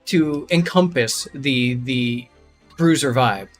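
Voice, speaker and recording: A man hosting a casual gaming chat, playful and quick to laugh, often stumbling over repeated words. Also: medium pitch, faint music behind. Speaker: host.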